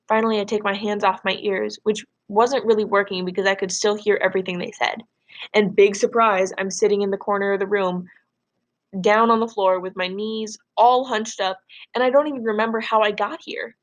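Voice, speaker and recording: A woman teacher reading a novel aloud to her students in a measured, expressive way, then setting them a question. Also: mid-range voice.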